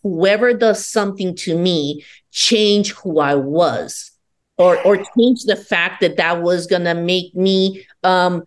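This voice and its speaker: A woman's voice: lowish voice, slow, a little hiss or hum. A woman from Peru, a podcast guest, telling her personal story in a candid, profane and defiant way.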